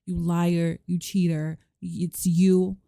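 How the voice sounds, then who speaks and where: A sharp-tongued wife in a life-sim game, furious and indignant, throws cutting accusations at her husband, as a woman puts her on. Her voice stays mellow underneath, recorded close and dry. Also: on the low side, little pitch movement, takes it slowly, vocal fry, no room sound.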